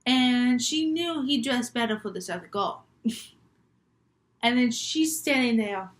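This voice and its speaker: A young woman vlogger telling homemade scary stories, chatty and rambling with frequent giggles. Her voice sits a little high for a woman. She talks casually, as if to friends. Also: measured pace. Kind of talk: casual storytelling vlog.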